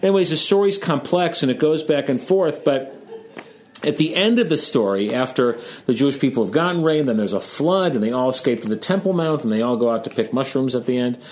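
A man's voice: mid-range voice, animated, a little fast, darkish tone. Casual talky chicago guy, medium voice, jokes around while he explains. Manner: chatty, joking, storytelling. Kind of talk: casual discussion of Jewish texts.

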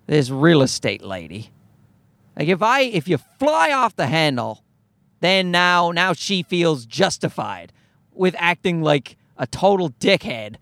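A man's voice: a little high, creaky, a bit bright, dry recording. A man telling a story to his viewers as a profane, exasperated rant. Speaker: vlogger. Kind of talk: ranting storytime.

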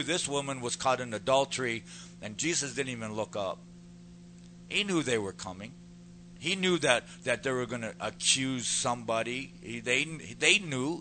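Forceful, fervent male preacher. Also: medium pitch, animated, normal speed, slight background noise. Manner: fervent, emphatic, repeats words when stressing a point. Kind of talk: sermon.

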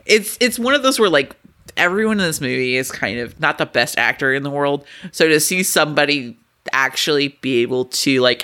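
A man's voice: mid-range voice, bright, forceful tone. A man co-hosting a podcast, recapping a movie plot casually, laughing and swearing often. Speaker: podcast co-host. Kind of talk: casual chat, movie review.

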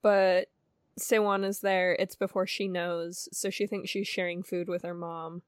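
A woman's voice: fairly low pitch, little pitch movement, a little slow, clean tone, dry recording, clean studio sound. A woman co-hosting a podcast in casual chat, wry and laughing often. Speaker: podcast co-host.

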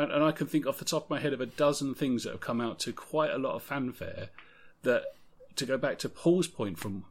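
A man's voice: mid-range voice, husky. A man co-hosting a podcast, talking about tabletop games in a rambling, opinionated way. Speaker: podcast co-host. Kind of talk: casual podcast discussion.

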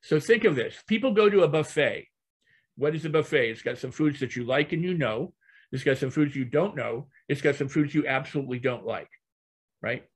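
An older man, a guest trainer and hypnotist, teaching through stories in a lively conversational way and repeating phrases as they build. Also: on the high side, brisk, slightly rough.

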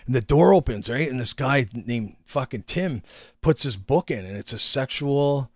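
A man's voice: medium pitch, moderate pace, dry recording, studio quality. A man telling wild stories in casual chat, swearing freely and acting out what people said. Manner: profane, animated storyteller, acts out quotes.

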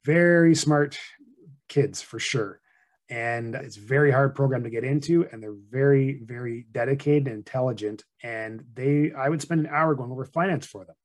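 A middle-aged man, a financial advisor, talking through money habits in a casual podcast interview with a fairly monotone, plain-spoken delivery. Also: medium pitch, normal speed.

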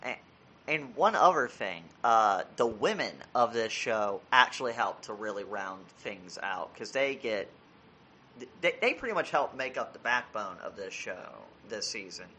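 Slow-talking bright-voiced man. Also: lowish voice, expressive, a little hiss or hum. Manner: earnest, halting with restarts. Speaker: podcast reviewer. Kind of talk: casual review chat.

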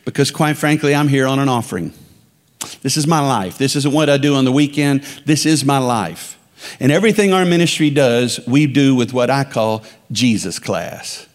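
A man's voice: medium pitch, expressive, normal speed. Man preaching in a reverberant hall. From Dakotas, United States. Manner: emphatic, calls for congregation responses. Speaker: guest preacher. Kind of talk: sermon. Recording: long reverb of a large hall.

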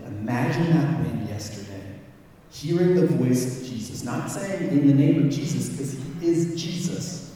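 A man's voice: medium pitch, lively intonation, normal speed, a little mellow. A man, the worship leader, giving a conversational sermon. He reads scripture aloud and puts questions to the congregation. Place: church sanctuary. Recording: echoey hall, voice from far off the mic.

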